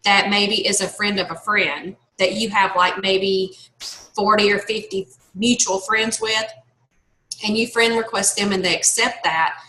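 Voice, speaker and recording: A woman asks a question on a video call, her voice bright. She talks hesitantly, with many fillers between her words. The room around her sounds echoey. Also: mid-range voice, steady tone, a little slow. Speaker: team member on a video call.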